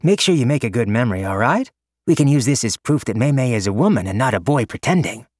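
A man's voice: mid-range voice, very animated, quick pace, darkish tone, breathy edge, dry recording, studio quality, voice pushed up. A man voicing an eager, mischievous young man who teases the couple with a leer. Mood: teasing. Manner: leering, teasing.

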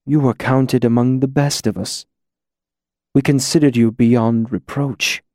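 A man voicing a grave, troubled male lord who speaks quietly and softly. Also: medium pitch, steady tone, measured pace, no room sound, clean studio sound, natural voice. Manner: quiet and soft-spoken, grave. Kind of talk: audiobook character voice.

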